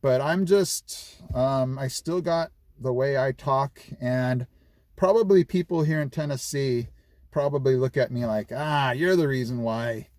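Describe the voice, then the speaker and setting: A man's voice: mid-range voice, unhurried, a little mellow, dry recording. A middle-aged man from California chatting casually in a vlog, rambling with lots of fillers and restarts. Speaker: vlogger.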